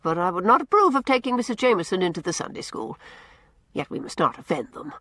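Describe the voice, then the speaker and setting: A woman voicing a brisk, outspoken older village woman with blunt, gossipy opinions. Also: medium pitch, fairly bright tone, no room sound, voice pushed up.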